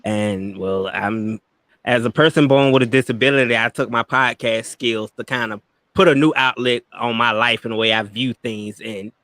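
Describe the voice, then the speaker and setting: A man's voice: mid-range voice, fairly even intonation, moderate pace, a bit bright, no echo, clean studio sound. A man from Florida, a podcast founder talking in a confident, slangy casual manner. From Florida, US South. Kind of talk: casual interview chat.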